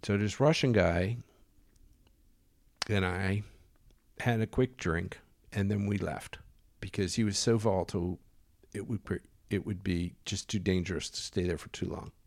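A man telling a wild anecdote in a casual, animated way, with lots of swearing and vivid detail. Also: deep voice, measured pace, creaky, pauses often, no room sound. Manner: profane, animated, vivid storytelling. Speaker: storyteller.

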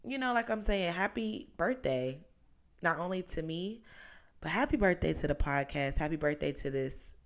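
A woman in her twenties hosting a podcast on her own, talking casually in a chatty, rambling way that drifts onto tangents. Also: lowish voice. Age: 20s. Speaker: podcast host. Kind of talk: casual solo podcast monologue.

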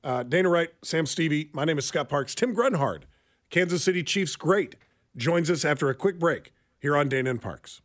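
A radio co-host with a voice on the high side, lively intonation, and a fairly bright tone talks at a moderate pace. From the radio studio he offers earnest talk radio news commentary, often using fillers.

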